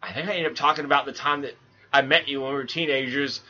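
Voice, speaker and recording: A man's voice: medium pitch, fast, muffled recording. A man hosting a podcast in casual chat, rambling and restarting as he tells stories. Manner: rambling, stumbling restarts, animated storytelling. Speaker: podcast host.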